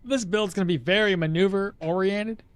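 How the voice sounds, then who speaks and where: A man streaming a game live, chatty and excitable, explaining his build and answering his chat. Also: sits high, a little fast, slight background noise. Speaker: gaming streamer. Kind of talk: live gameplay commentary.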